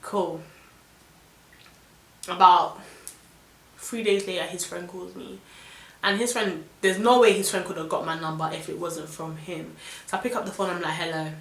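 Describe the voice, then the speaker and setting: A young woman with a London accent telling an animated, indignant storytime vlog full of slang. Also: lowish voice, normal speed, vocal fry, pauses often, echoey room. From London, England. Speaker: vlogger.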